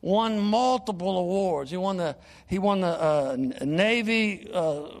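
An older man preaching as a guest evangelist in a church. He moves between hushed, earnest prayer and animated storytelling. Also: high voice, measured pace, in a large hall. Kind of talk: sermon and prayer. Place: church sanctuary.

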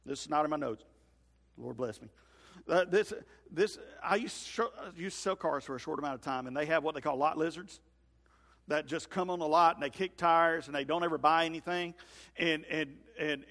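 A man preaching a sermon as a pastor, folksy and animated. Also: on the high side, a little fast. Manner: folksy, animated, acts out scenes in comic voices. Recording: hall reverb.

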